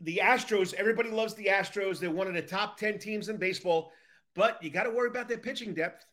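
A man's voice: sits high, fast, fairly bright tone. A man hosting a casual baseball talk show, upbeat and playful, steering the conversation. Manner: upbeat, playful, leading the topics. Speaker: sports talk host.

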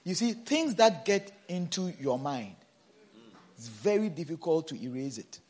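High-voiced preaching pastor, loud then hushed. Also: male voice, big pitch swings, unhurried. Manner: swings between shouted emphasis and soft low asides; repeats words for emphasis, asks the congregation questions. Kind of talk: sermon.

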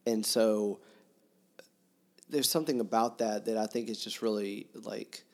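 A man talks through a novel in a relaxed, thoughtful way. His voice sits low, and he reads quoted passages with dramatic emphasis. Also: measured pace. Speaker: book discussion co-host. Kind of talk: casual chat, reading aloud from a novel.

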